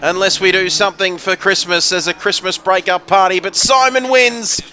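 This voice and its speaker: Man, race commentator, very high voice, excitable joking play-by-play, faint hiss. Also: normal speed. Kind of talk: sim racing commentary.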